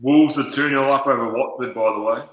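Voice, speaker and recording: A man co-hosting a football watch-along, excitable and swearing, quick to stick up for his club. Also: mid-range voice. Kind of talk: casual live-stream banter. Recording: echoey room.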